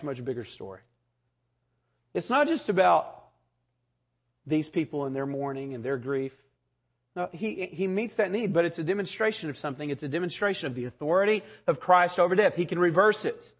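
A man's voice: on the high side, lively intonation, normal speed, breathy edge. A man preaching a sermon, building to emphatic rhetorical questions. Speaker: pastor.

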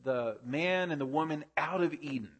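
Guy preaching, asks the crowd questions, voice swells up then drops low for emphasis. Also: moderate pace, slightly rough. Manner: teaching, asks the congregation rhetorical questions. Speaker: pastor. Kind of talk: sermon.

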